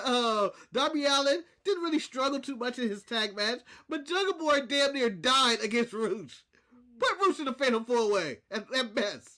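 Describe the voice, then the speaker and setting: A man's voice: extremely high pitch, bright, forceful tone. A man co-hosting a casual wrestling podcast, blunt and often laughing. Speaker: podcast co-host.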